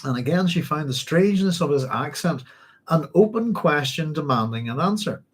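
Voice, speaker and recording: A man's voice: fairly high pitch, lively intonation, husky. A Northern Irish man hosting a book club, reading passages aloud and chatting about them in a rambling way full of ums and restarts, with a cough now and then. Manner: rambling, halting, with frequent ums and self-corrections.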